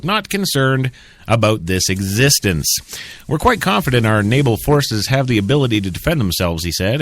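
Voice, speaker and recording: A man's voice: mid-range voice, fairly bright tone, no room sound. A man with an American accent hosting a talk radio show, sarcastic and mocking, laughing often. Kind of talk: casual talk radio commentary.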